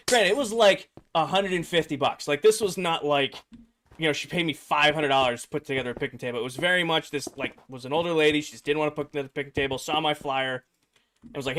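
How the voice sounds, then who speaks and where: A man's voice: on the high side, brisk, a little hiss or hum. A young man streaming, rambling through a personal story for his chat and acting out the voices of the people in it. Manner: rambling, animated, acts out quoted voices.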